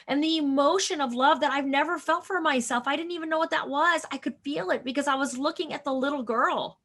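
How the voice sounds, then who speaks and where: A woman's voice: high-pitched, bright, forceful tone. A woman in her forties, a doctor being interviewed, speaking with emotional, earnest storytelling. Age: 40s. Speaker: guest doctor. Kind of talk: conversational interview.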